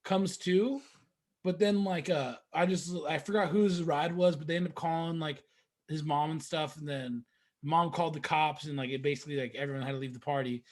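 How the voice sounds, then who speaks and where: A man's voice: on the high side, fairly quick. A young man hosting a podcast, telling drunk party stories casually and acting out the voices. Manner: animated, acts out voices in stories. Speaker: podcast host. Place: podcast room.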